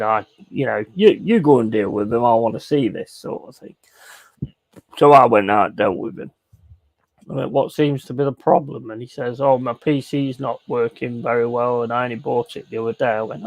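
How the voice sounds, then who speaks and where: Gravelly bloke telling a rambling story. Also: male voice, medium pitch, no room sound. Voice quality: swearing, laddish storytelling. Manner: rambling anecdote with repeated asides. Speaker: streamer playing a football management game. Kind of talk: casual live-stream chat.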